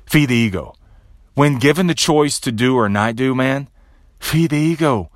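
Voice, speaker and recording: A male podcast host talking straight into a close mic in a dry, dead room, with a mid-range voice. He gives a motivational monologue in a coaching, pep-talk manner. He sinks to a low, quiet tone each time he repeats his refrain. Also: lively intonation, normal speed, no room sound.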